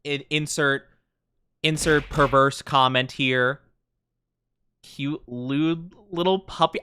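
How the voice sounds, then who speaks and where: Bright, crisp-voiced young male streamer. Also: on the high side, steady tone, takes it slowly, long pauses, no room sound. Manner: playful, mock-offended, many fillers. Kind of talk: casual live-stream chat, reading chat aloud.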